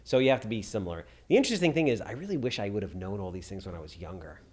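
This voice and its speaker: A man's voice: on the low side, expressive, rapid-fire, darkish tone, husky. A middle-aged man hosting a podcast, chatting casually with blunt, opinionated remarks and free swearing. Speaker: podcast host. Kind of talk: casual chat.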